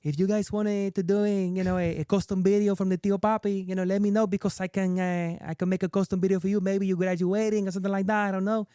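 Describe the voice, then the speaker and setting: A man putting on a loud, playful uncle with a Spanish accent, high and crisp. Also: little pitch movement, quick pace, few pauses, no room sound, studio quality, natural voice. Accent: Spanish-accented English. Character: older uncle character with glasses.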